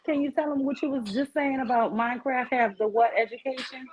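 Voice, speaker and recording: High-voiced woman from New Orleans with a Southern accent. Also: brisk, background noise. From New Orleans, Louisiana. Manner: chatty and emphatic, quoting people in lively voices. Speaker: panelist. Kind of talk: casual chat. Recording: slightly muffled audio.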